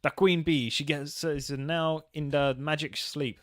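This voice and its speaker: A man voicing a theatrical fairy godfather who is also a mafia boss, with a put-on Italian accent and a drawn-out drawl. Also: on the high side, steady tone, a bit bright, no room sound, clean studio sound.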